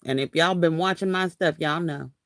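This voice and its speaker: A woman's voice: low voice, normal speed, no room sound, clean studio sound. A woman in her fifties hosting a casual craft live stream, chatty and laughing often as she reads viewer comments aloud. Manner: chatty, laughs often, says y'all a lot. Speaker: craft channel host.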